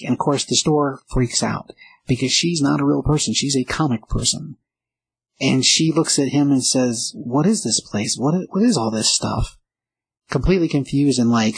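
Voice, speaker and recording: A man's voice: medium pitch, creaky, husky, low-quality recording. A man giving a casual, rambling spoken recap of a comic book, lightly acting out the characters' lines. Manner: rambling, acts out quotes lightly, frequent "like" and "uh".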